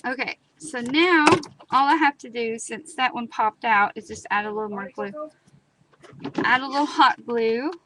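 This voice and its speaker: Chatty woman, high voice. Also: moderate pace. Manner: chatty storyteller, dramatic repetitions. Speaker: craft video host. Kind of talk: casual chat and craft demo. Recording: clear background noise, live stream.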